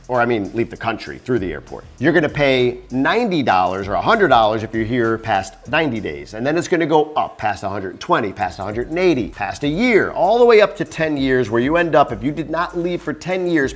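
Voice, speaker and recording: A man from the United States talking casually to his viewers, opinionated and animated, and he mocks commenters in put-on voices. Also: medium pitch. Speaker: vlogger living abroad. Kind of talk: casual opinionated talk to camera.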